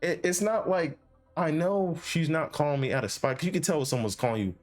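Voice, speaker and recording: A man's voice: on the high side, a little fast, faint music behind. A young man telling a casual story about his life in a vlog, rambling with many restarts and fillers and some swearing.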